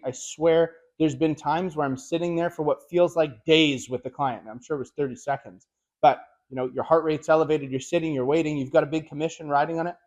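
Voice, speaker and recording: A car sales trainer with a fairly high speaking voice walks viewers through techniques for closing sales. His coaching is direct and energetic, peppered with casual slang, and it sounds like an instructional video.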